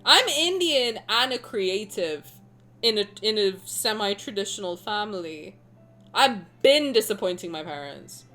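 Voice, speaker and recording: Woman streamer, self-mocking and jokey, with a bouncy, expressive voice over quiet background music. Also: mid-range voice, a little slow. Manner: animated, joking and self-mocking. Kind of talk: casual chat with viewers.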